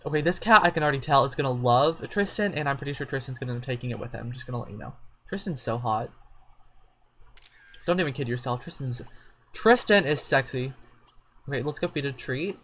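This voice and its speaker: Gushing, excitable young man playing a game. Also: mid-range voice, quick pace. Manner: gushing and excitable, frequent gasps and exclamations; sassy slang, chatty asides to viewers. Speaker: gaming YouTuber. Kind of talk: casual gameplay commentary.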